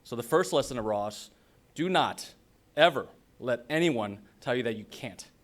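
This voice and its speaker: A man's voice: mid-range voice, lively intonation, normal speed, fairly bright tone. A man in his thirties giving a speech at a podium microphone in a large ceremony venue, earnest and at times emotional, reading quotes with emphasis. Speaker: white coat ceremony speaker.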